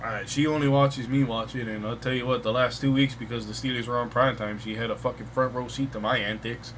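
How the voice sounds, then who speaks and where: A man's voice: mid-range voice, steady tone, fast, fairly bright tone, a little hiss or hum, poor audio. A young man co-hosting a casual podcast, telling stories with lots of swearing. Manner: profane, storytelling. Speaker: podcast co-host. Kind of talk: casual chat.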